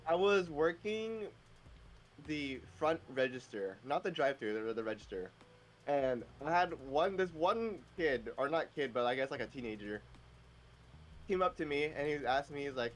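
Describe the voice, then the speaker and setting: A young man recounts a story from his fast-food job, stumbling through fillers in a laid-back way. His voice sits fairly high for a man, with faint background noise behind him. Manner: relaxed, halting storyteller with many fillers. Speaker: podcast guest. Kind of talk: casual chat.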